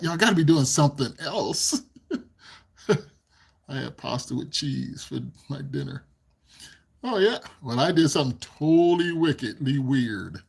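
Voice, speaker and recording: A man talks to his livestream viewers in a husky, slightly high voice, drawing his words out slowly. He giggles between sentences and rambles, repeating phrases as he goes. His pitch swings widely as he talks into a desk microphone. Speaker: livestream host. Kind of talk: casual livestream chat with viewers.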